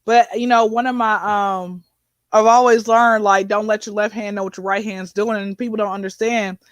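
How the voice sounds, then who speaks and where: A woman comedian in a casual interview, talking in an animated, preachy way with sassy asides. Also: medium pitch, moderate pace, no echo. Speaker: comedian guest.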